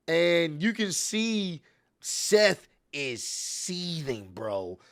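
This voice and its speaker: A young man recaps a wrestling show in a loose, animated way, his voice sitting a bit high for a man. He jumps into the wrestlers' lines as he retells them and throws in swearing and "bro" along the way. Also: dry recording, clean studio sound. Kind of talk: casual recap commentary.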